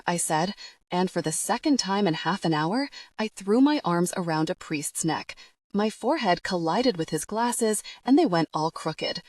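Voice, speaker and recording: A woman narrating a first-person audiobook in an expressive, wry, conversational way. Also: on the low side, no room sound.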